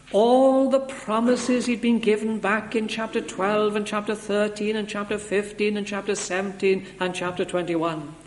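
A man preaching an expository sermon in an earnest, measured way, stressing points through repetition. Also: high-pitched.

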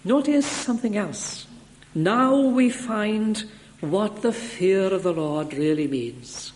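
A man preaching an expository sermon in an earnest, measured way, stressing points through repetition. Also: high-pitched, expressive, darkish tone, a little hiss or hum.

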